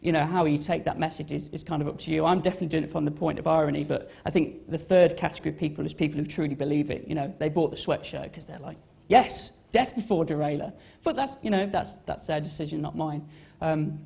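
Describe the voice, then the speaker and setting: A man's voice: on the high side, fairly even intonation, fast, creaky, dark tone, breathy edge. A young man gives a casual talk about his design work on stage. He rambles and mocks himself, with many fillers and restarts. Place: on stage at a live event.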